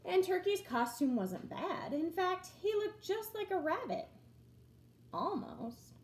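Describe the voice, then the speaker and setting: A woman's voice: very high-pitched, slow. A woman teacher reading a picture book aloud to young children, expressively. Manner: expressive, storytelling. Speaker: first grade teacher. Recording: roomy echo.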